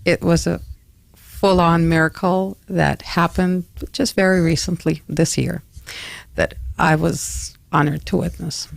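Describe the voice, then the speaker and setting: Gravelly voice, radio host, dry close sound, halting storytelling. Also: medium pitch, flat delivery, no echo. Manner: recounts a personal story with many fillers. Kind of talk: conversational radio interview.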